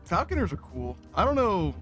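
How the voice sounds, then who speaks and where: A man live-streaming a game and reading his chat aloud, with a slightly raised pitch. He rambles loosely, swears freely and keeps breaking into laughter, with faint music behind him. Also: very animated, moderate pace, fairly bright tone.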